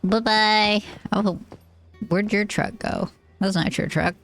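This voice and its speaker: A woman streamer chatting casually while she plays a game, reacting out loud and swearing when startled. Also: mid-range voice, steady tone, slow pace, soft background music. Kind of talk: casual gaming commentary.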